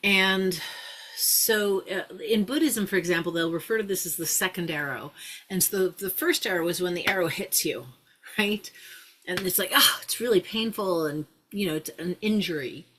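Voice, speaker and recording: Woman, low voice, mindfulness teacher, casual chat, many fillers and restarts. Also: a little hiss or hum. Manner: chatty, thinks aloud with many fillers and restarts; drops into a slow soft hypnotic voice for guidance. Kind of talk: casual talk to a practice group.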